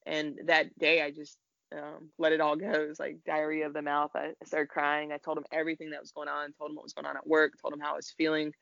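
A man's voice: on the high side, monotone, a little fast, gravelly, pushed and bright, dry recording. A man, a podcast guest, telling a frank, emotional personal story in a conversation and swearing now and then. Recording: dull, lo-fi.

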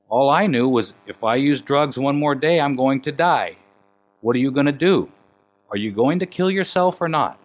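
Animated male preacher giving testimony. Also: medium pitch. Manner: animated, shifts between loud emphasis and hushed quotes. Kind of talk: sermon with personal testimony.

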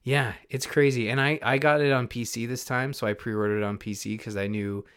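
A man co-hosting a podcast in casual chat, relaxed and trailing off quietly at the ends of his thoughts. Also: medium pitch, fairly quick, smooth. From Canada. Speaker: podcast co-host.

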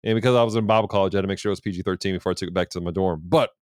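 A man co-hosting a casual movie podcast, telling stories in an animated way and laughing often. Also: deep voice, rapid-fire, dry recording, clean studio sound. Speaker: podcast co-host. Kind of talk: casual chat.

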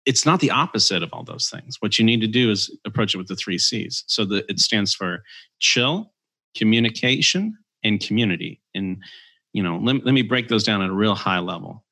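Entrepreneur guest, male, low voice with a bright, forceful edge; lays out ideas step by step. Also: lively intonation, normal speed. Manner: explains ideas in structured steps, filler-heavy. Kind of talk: conversational interview.

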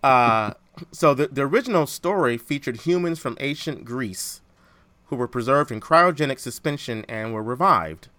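A man hosting a casual podcast chat, animated and quick to laugh, often restarting his phrases. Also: mid-range voice, dry recording. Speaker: podcast host.

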